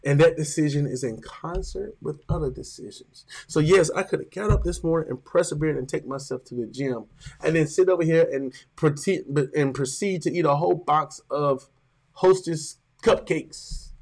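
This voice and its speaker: A man's voice: fairly high pitch, moderate pace, gravelly, darkish tone, husky. A pastor preaching a sermon, building emphasis and stretching out his words.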